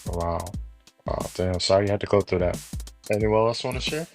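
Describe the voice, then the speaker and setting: A man with a gravelly voice moderating a casual group discussion, asking questions and giving short reactions. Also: lowish voice, moderate pace, a little mellow, soft background music. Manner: brief reactions and prompting questions.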